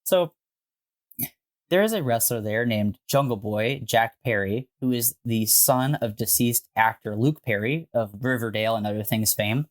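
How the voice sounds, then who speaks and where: A man co-hosting a podcast, telling a story in a casual, animated way with frequent swearing and filler words. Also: mid-range voice, moderate pace. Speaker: podcast co-host.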